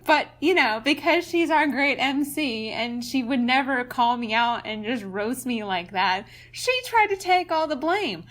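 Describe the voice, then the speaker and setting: A woman's voice: sits high, animated, a little slow, few pauses, a bit bright. A young woman podcast guest in casual chat, with dry, sarcastic humor.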